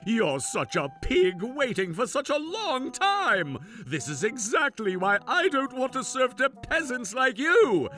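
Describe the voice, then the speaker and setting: A man's voice: very high-pitched, very animated, a little slow, hardly any pauses, bright, forceful tone, soft background music, voice pushed up, exaggerated voice. A man voicing an arrogant, mocking male chef who owns a restaurant, in a sneering, gloating, theatrical manner. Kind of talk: animated story voice acting.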